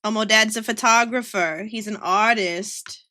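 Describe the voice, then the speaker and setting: A young woman livestreams casually while drawing, chatting playfully with her viewers. Her medium-pitched voice is unhurried, with a pushed, bright quality.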